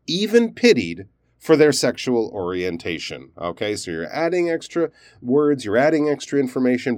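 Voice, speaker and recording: A man's voice: fairly low pitch, darkish tone, no echo, clean studio sound. A man teaching pronunciation, reviewing learners' recorded sentences and explaining stress and endings in an encouraging, explanatory way.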